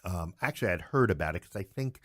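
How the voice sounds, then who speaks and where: American playwright guy chatting in an interview, low voice, dry room, likes to act out quotes. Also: animated, quick pace, no echo. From New York. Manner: chatty storyteller who acts out quoted voices. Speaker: playwright and theater producer. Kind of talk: casual interview chat.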